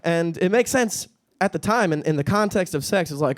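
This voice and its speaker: A young man doing stand-up on a stage with a handheld mic. His voice sits a bit high for a man, and he talks in a dry, deadpan way, then jumps into squeaky, panicky voices when a joke lands. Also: normal speed, few pauses. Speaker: stand-up comedian. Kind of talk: stand-up comedy set. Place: comedy stage at a live-streamed event.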